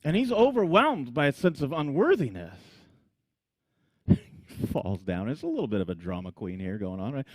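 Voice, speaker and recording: A man preaching a sermon, telling the story with animated energy, frequent laughs and acted-out scenes. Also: medium pitch, moderate pace, no room sound. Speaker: pastor.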